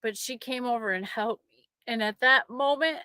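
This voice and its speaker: A middle-aged woman sharing a personal faith testimony with an online audience, emotional and halting, often restarting her sentences. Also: fairly high pitch, sharp tone, clean tone, dry recording, studio quality.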